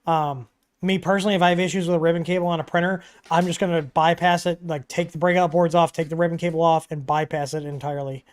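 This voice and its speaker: A man hosting a casual livestream Q&A, talking in a relaxed, chatty way with frequent ums and asides, from a home studio. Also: a little high, fast. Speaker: livestream host answering 3D printer questions. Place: home studio with dogs nearby.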